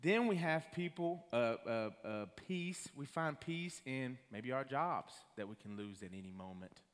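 A man's voice: medium pitch, animated, measured pace, smooth. A man giving a sermon, telling a personal story and acting out the voices of the people in it. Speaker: preacher. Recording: reverberant hall.

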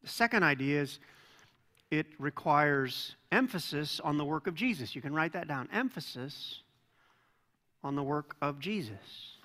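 A man preaching a sermon as pastor, telling stories in a relaxed, joking way. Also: on the high side, a little slow. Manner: conversational, self-deprecating storytelling. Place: church sanctuary. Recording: long hall reverb.

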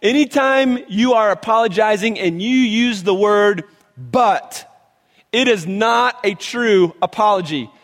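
High-voiced pastor preaching in a reverberant hall. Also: male voice, a little slow, few pauses. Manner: animated, conversational preaching with many restarts. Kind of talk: sermon.

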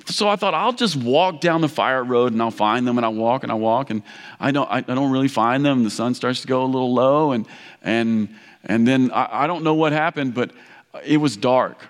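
A man from Kentucky preaching a sermon, telling a story in an animated, rambling, self-mocking way with many restarts. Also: medium pitch, normal speed. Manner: loud. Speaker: pastor. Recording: reverberant hall.

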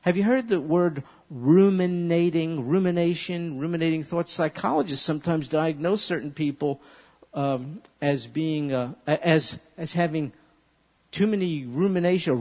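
A man preaching a sermon as a pastor, animated and leading his listeners in repeating a verse aloud. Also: a little high, moderate pace. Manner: animated, leads congregation in call-and-response recitation. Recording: long reverb of a large hall.

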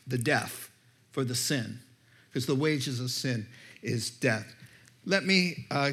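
Slow, emphatic male preacher. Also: on the high side, fairly bright tone. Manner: storytelling, emphatic, asks the listeners questions. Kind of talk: sermon.

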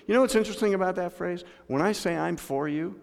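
A man preaching a sermon in a church, moving between loud emphatic lines and low hushed ones and speaking to people in the room by name. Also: fast talker, gravelly. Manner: addresses congregation members by name. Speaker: pastor. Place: church sanctuary. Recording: long hall reverb.

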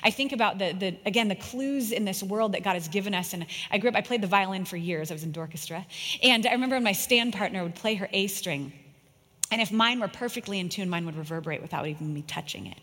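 A woman's voice: mid-range voice, quick pace, fairly bright tone. A woman in her thirties giving an earnest sermon, telling personal stories with emphasis. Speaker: speaker. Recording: long echo in a large room.

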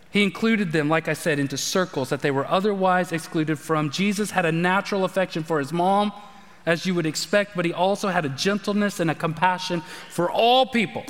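A man, preaching a conversational sermon as a pastor, sometimes sinking to a hushed, intense delivery. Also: high voice. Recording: long hall reverb.

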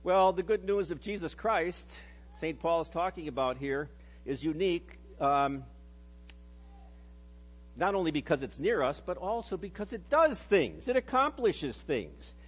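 A middle-aged male pastor preaching a sermon in an earnest way, slowing down on key phrases and dropping low and soft for solemn lines. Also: animated, husky.

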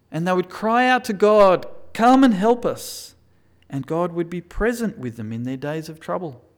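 A male preacher delivering a sermon, his voice sitting a little high for a man. He swings from hushed, reflective passages to loud, emphatic pleading as he speaks.

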